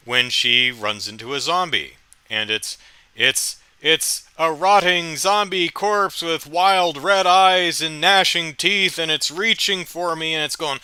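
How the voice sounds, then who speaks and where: A man's voice: fairly high pitch, takes it slowly, sharp tone, clean tone, no room sound. A man hosting a casual solo podcast, recapping with wry, amused storytelling into a close mic. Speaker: podcast host.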